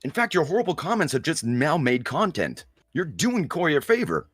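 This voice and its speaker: A man's voice: on the high side, wildly swooping pitch, fairly quick, slightly rough, dry recording. A man co-hosting a casual livestream, dropping dry teasing remarks. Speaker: co-host.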